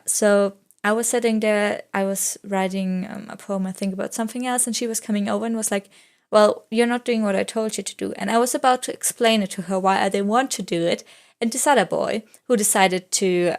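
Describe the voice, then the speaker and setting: Rambling young woman vlogger. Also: medium pitch. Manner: rambling storytelling, full of "like" fillers; non-native English speaker. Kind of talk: casual chatty voice-over.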